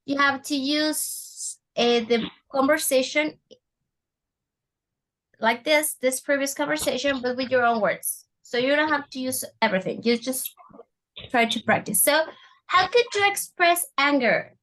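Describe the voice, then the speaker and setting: A woman teaching an online English class, animated and coaxing, repeating words for her students. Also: sits high, a little slow. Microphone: video call.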